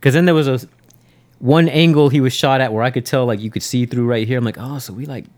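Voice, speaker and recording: A man's voice: mid-range voice, steady tone, fast talker, a little mellow. A man co-hosting a podcast in casual chat, a profane, rambling storyteller who acts out his own reactions. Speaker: podcast co-host. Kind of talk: casual chat about movies.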